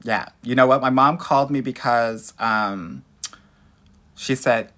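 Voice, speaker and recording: A man's voice: mid-range voice, takes it slowly, pauses often, sharp tone. A young man hosting a casual livestream as a dating coach, sassy and playful, calling his viewers honey and girl.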